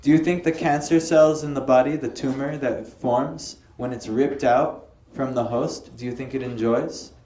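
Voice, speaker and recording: Man, spiritual teacher, lively lecture, questions the audience, roomy echo, faint background hum. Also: mid-range voice, moderate pace, few pauses. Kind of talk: lecture on scripture to a small group. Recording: echoey room, faint ambience.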